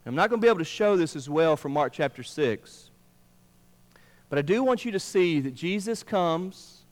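A man's voice: on the high side, lively intonation, normal speed. Man preaching in a reverberant church. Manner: dynamic preaching, swinging from emphatic to hushed. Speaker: pastor. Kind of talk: sermon. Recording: long reverb of a large room.

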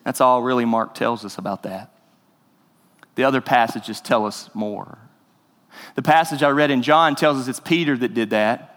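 A man's voice: mid-range voice, moderate pace, a bit bright. A man preaching a sermon as pastor, earnest and conversational, rising to emphasis. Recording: reverberant hall.

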